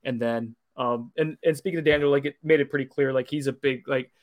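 A man's voice: mid-range voice, fairly even intonation, fairly quick, lo-fi sound. A man co-hosting a whiskey podcast, chatting casually and rambling with lots of "like" fillers. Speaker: podcast co-host. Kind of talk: casual chat, whiskey tasting.

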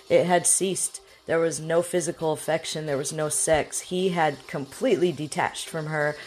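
Low-voiced woman hosting a casual talk. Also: darkish tone. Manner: chatty, frank, acts out quoted lines. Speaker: podcast host.

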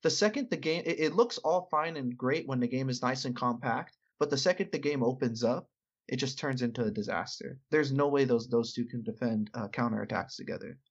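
A man's voice: medium pitch, brisk, slightly rough, dull audio. A man co-hosting a casual sports talk show, rambling, with many restarts and hedges. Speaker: podcast co-host.

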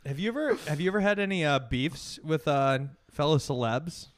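High, animated joking man. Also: moderate pace. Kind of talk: casual podcast chat.

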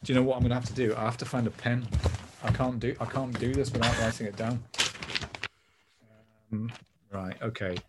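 A man's voice: mid-range voice, fairly even intonation, a little fast, pauses often. A man co-hosting a football podcast, flustered and self-mocking as he fumbles through quiz answers. A faint noise sits under his voice. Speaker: journalist and podcast co-host.

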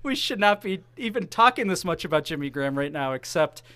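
A man co-hosting a casual sports podcast, excitable and jokey, often breaking into laughter. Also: high voice, brisk, clear, resonant tone. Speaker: podcast co-host.

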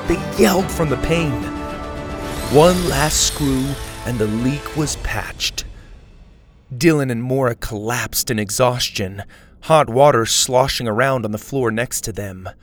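A man narrating an adventure story in a steady, descriptive reading style. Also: medium pitch, unhurried. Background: faint music.

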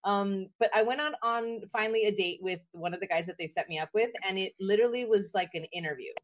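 A woman's voice: mid-range voice, quick pace. A woman podcast guest candidly telling a story in casual talk, laughing now and then with lots of fillers.

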